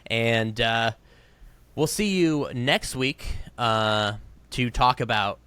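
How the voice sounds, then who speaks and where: Bright-voiced young male podcast co-host. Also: medium pitch, slow, smooth, dry recording. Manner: chatty, joking, lively. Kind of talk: casual podcast chat.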